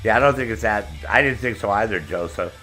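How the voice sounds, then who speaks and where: Older man, stream host, casual and profane, rambling storyteller, bright forceful voice, faint background music. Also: fairly low pitch, brisk. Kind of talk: casual live-stream chat.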